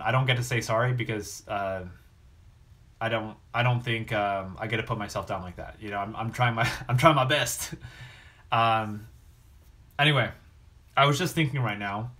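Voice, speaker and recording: A man's voice: mid-range voice, a bit bright. A man hosting a casual live stream, talking in a reflective, rambling way with many fillers and restarts.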